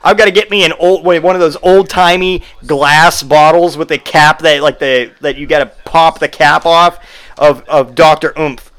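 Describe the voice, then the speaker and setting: A man's voice: a little high, fairly even intonation, normal speed, fairly bright tone, clear, resonant tone. A man hosting a comedy podcast, ranting sarcastically and slipping into mock-commercial voices. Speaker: podcast host. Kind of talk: casual comedic rant.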